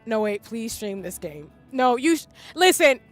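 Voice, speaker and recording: A woman's voice: on the high side, very animated, a little slow, soft background music. A woman streaming a game who is crying. She gushes and sounds overwhelmed, swinging between wailing and mumbling into her desk microphone. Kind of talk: live gameplay reaction.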